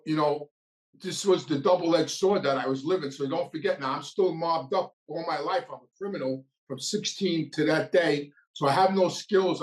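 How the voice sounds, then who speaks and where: A man's voice: a little high, rough recording. A man, telling his recovery story in a blunt, streetwise way, often repeating and restarting phrases. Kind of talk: casual storytelling monologue.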